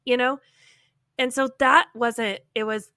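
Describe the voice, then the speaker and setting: Woman podcast host, animated storyteller, bright and a touch high, dry close sound. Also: unhurried, no room sound. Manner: animated, heavy use of "like". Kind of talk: casual storytelling chat.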